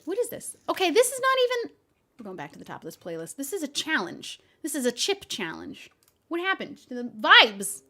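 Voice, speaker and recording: A young woman streaming from home, chatting casually with viewers, laughing often and speaking in a gentle, encouraging way. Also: sits high, huge pitch swings, fairly quick. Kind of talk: casual chat reading viewer messages.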